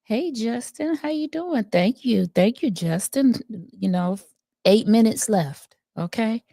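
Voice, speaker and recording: A woman doing a slow, gravelly, gentle greeter. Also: a little high, animated, no room sound, studio quality, pitched below the performer's own voice, heavily acted. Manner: slow, hesitant, full of ums and uhs. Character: impression of a soft-spoken gentle woman greeting viewers. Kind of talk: live stream impression.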